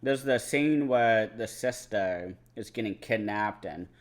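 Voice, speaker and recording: A young man reviews movies off the cuff with a slightly low voice. He rambles, swears freely and fills his talk with "like" and "you know.". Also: slow. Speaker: movie marathon vlogger. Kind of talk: casual movie review chat.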